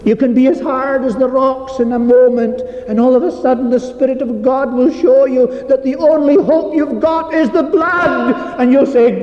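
A man's voice: extremely high pitch, animated, normal speed, few pauses, darkish tone. A man preaching a sermon in a church, earnest and repetitive, stretching out key phrases for emphasis. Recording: echoey hall, dull lo-fi sound.

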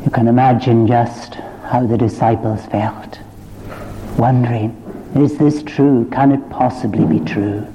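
A man's voice: medium pitch, fairly even intonation, measured pace, noisy background. A man preaching a sermon, retelling the story with rising fervour. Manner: impassioned, rising to fervent climaxes. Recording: dull reverberant church recording.

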